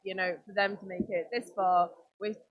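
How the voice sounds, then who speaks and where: A woman's voice: mid-range voice, flat delivery, normal speed, lo-fi sound. A woman with a Geordie accent from Newcastle, giving chatty, playful roller derby commentary. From Newcastle, England. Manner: chatty and playful, laughs often. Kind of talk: live sports commentary.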